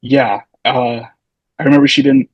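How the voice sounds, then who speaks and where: A man in his thirties tells stories in a relaxed, rambling way as a podcast guest. His voice has a slightly husky edge, and the recording is close and dry, with no room sound. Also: medium pitch, normal speed, no room sound, lo-fi sound. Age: 30s. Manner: loose, meandering, full of hedging asides. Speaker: podcast guest, physical therapy student. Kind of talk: casual storytelling.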